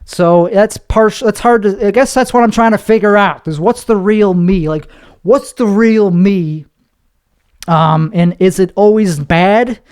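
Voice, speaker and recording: A man's voice: sits high, unhurried, a little mellow, clear, resonant tone. A young man hosting a podcast, rambling through a confessional monologue, swearing and mocking himself. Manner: rambling, self-mocking, profane, slips into put-on voices. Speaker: podcast host, comedian.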